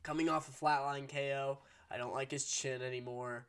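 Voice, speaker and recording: Hiccuping as he talks, the host of an MMA prediction channel offers casual solo commentary in a medium-pitched, fairly bright, smooth voice with flat delivery and normal speed. He has strong opinions, curses, and restarts his sentences when he gets worked up.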